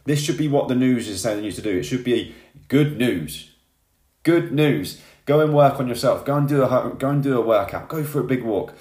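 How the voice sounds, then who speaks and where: This man's medium-pitched voice is brisk and a little mellow as he gives an energized motivational monologue to camera, ending lines with "yeah?" and "right?". He's a motivational vlogger, recorded in an echoey room.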